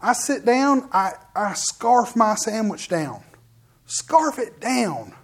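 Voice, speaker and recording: Here a middle-aged minister's husky, mid-range voice moves slowly through a sermon testimony. The animated story keeps restarting partway through sentences, with direct asides to the listeners in the pews.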